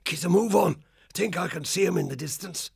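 A man voicing an old male shrew who warns the others in a hoarse, urgent whisper. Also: high voice, a little fast, darkish tone, no echo, clean studio sound, voice pushed up, heavily acted.

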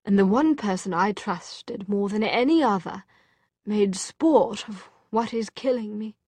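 A woman's voice: unhurried, dark tone, breathy edge, dry recording. Woman reading as a bitter dying young man. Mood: detached. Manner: low, near-hissing intensity. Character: young man, gravely ill, bitter and despairing.

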